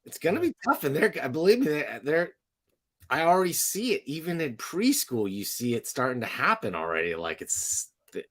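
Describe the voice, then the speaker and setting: Upbeat male co-host, 30s, slightly raised pitch, lively, eager podcast banter. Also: normal speed. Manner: enthusiastic, animated, hesitant fillers. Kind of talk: casual chat.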